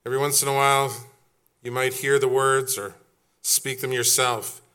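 A man's voice: mid-range voice, flat delivery, normal speed, bright, forceful tone, clear, resonant tone. A middle-aged man preaching a sermon as pastor, quizzing his congregation and acting out quoted voices. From Canada.

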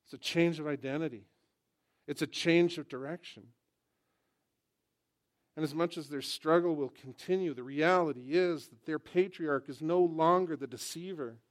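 A man's voice: on the high side, normal speed. A man preaching a sermon to a congregation, conversational and humorous, telling stories with rising emphasis. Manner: conversational, animated storytelling with humor. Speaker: pastor.

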